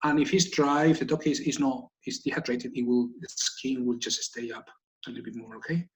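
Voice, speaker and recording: A man's voice: medium pitch, a little fast, rough recording. A man leading an online meeting for guide dog volunteers, talking casually and checking in with the group after almost every point. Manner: chatty, keeps checking in with "okay?". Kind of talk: casual instructive talk on a video call. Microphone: video call.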